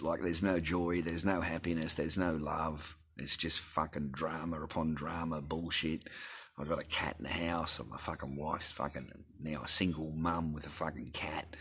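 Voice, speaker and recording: Gravelly, sweary man ranting. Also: low-pitched, fairly bright tone. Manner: blunt and sweary, heavy profanity. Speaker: vlogger. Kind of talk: casual rant to camera.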